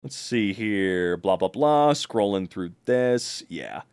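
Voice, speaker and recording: A man's voice: fairly low pitch, lively intonation, takes it slowly, a little mellow, clean tone, dry recording, studio quality. A tired man chatting casually on a livestream, reading the chat, rambling and swearing a lot.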